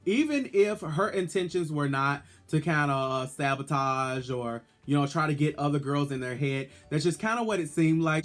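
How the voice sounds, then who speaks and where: A man, a drag queen vlogger, chatting in a sassy, playful way as he reviews an episode. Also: a little high. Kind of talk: casual video review.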